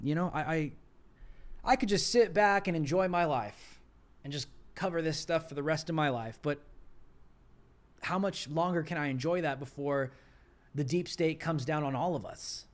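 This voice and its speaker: A man's voice: on the high side, moderate pace. A young man hosting a political commentary livestream, talking in an impassioned way and hammering points through repetition. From United States. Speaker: livestream host.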